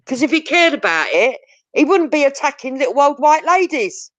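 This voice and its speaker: A woman's voice: sits high, sing-song, normal speed, a bit bright, no echo. A woman ranting bluntly and confrontationally, swearing heavily as a live-stream talk host. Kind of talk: heated profane rant. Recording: dull lo-fi audio.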